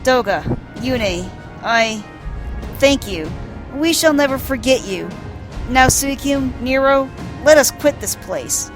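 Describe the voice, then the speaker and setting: A woman's voice: high voice, lively intonation, takes it slowly, soft background music, pitched above the performer's own voice. A woman reading the lines of an earnest young male scholar from a video game, solemn and urgent.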